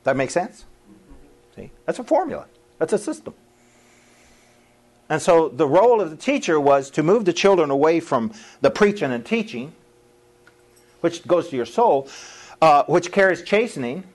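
A middle-aged man preaching a sermon to a live audience in a folksy, animated way, laughing at his own lines and acting out quoted voices. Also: fairly high pitch, normal speed, pauses often.

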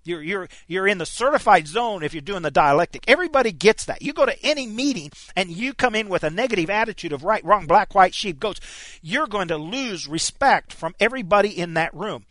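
Emphatic male preacher, lively high voice. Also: brisk, no echo. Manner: emphatic, frequent stammered restarts. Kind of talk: sermon.

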